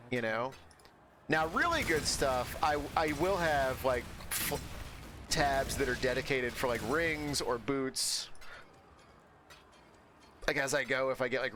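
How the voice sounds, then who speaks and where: A man talking casually as he plays, wandering from point to point with lots of "like" and "um". His pitch sits in the middle of the range for men. Steady noise runs behind his voice. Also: a little slow, long pauses. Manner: rambling, many fillers and restarts. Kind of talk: casual chat while gaming.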